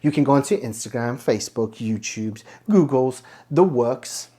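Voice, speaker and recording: A man's voice: mid-range voice, expressive, moderate pace, warm tone, slightly rough. Blunt, profane man giving motivational talk. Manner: blunt, heavily profane, emphatic. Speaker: podcast host. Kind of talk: motivational monologue.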